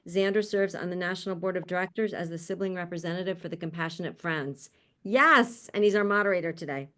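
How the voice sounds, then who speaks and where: A woman's voice: lowish voice, fast talker, fairly bright tone. Chatty woman hosting on a video call. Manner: upbeat and chatty, laughs often. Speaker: conference host introducing a panel. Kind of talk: casual spoken introductions.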